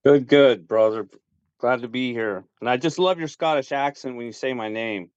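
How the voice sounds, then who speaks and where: A man's voice: medium pitch, normal speed, darkish tone, smooth, no echo, highs cut off. Friendly man guest on a podcast. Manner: friendly, teasing. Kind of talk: casual podcast chat.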